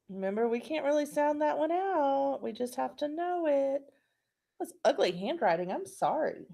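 A woman teaching a phonics lesson to young children, sounding out syllables and letters slowly and encouragingly. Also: high-pitched, lively intonation, creaky, dark tone.

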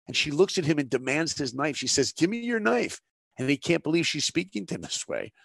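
A man's voice: fairly high pitch, quick pace, creaky, a bit bright, husky, dry recording, clean studio sound. A middle-aged man, a guest on a conversation show, telling a story in an earnest, preacher-like way and asking his listeners rhetorical questions. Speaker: guest, animation director.

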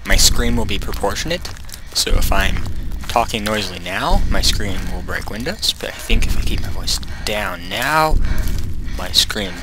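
A young man commentating a horror game, nervous and jittery, often going hushed, then bursting into panicked repeated words. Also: on the low side, animated, normal speed, music in the background. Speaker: gaming YouTuber. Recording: noisy home mic recording.

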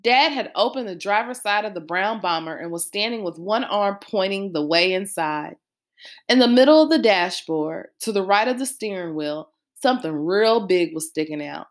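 A woman reading a novel aloud with expressive storytelling. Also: mid-range voice, normal speed. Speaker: reader.

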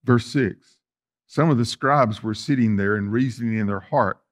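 A male pastor, preaching a sermon in a folksy way, talking straight to the congregation and swinging between loud emphasis and soft asides. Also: medium pitch, normal speed.

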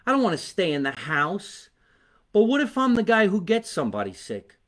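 A man's voice: high-pitched, wildly swooping pitch, moderate pace, a bit bright. A middle-aged man with a New Jersey accent, rambling bluntly and swearing freely in a casual live-stream monologue from his basement. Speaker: comedian host. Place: home basement.

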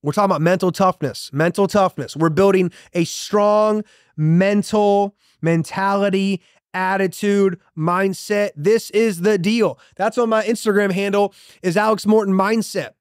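Male motivational host, thirties, high-pitched and punchy, dry close-mic sound. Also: fairly even intonation, measured pace, no room sound. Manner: emphatic, punchy preaching with repeated catchphrases. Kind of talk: motivational monologue.

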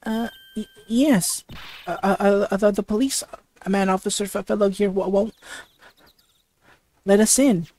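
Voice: mid-range voice, steady tone, unhurried, long pauses, warm tone, close to an everyday voice. A reader voicing an earnest young male defense attorney in a game, stammering through lines.

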